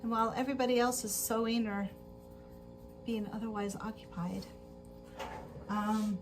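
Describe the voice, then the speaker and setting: A woman with a fairly high voice hosts a casual sewing livestream from home. She rambles through her chat with plenty of filler words and frequent giggles. Soft music plays faintly behind her. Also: moderate pace, pauses often. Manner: giggly, laughs often. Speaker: livestream host.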